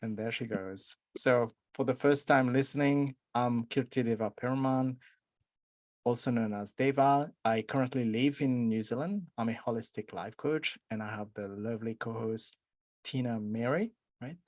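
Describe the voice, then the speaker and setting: A man's voice: medium pitch, normal speed, a little mellow, no room sound. A man co-hosting a casual podcast, chatting in a playful, loose way as he introduces the show. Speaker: podcast co-host, life coach.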